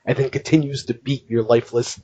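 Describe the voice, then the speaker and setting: A man hosting a podcast, recounting things in an animated, chatty way and laughing often. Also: medium pitch, brisk, breathy edge. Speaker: podcast host. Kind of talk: casual podcast chat.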